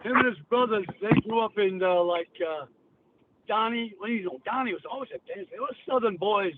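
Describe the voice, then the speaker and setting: A man's voice: high-pitched, a little fast. A man rambling bluntly and cursing on a call-in show. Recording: tinny phone line with hiss.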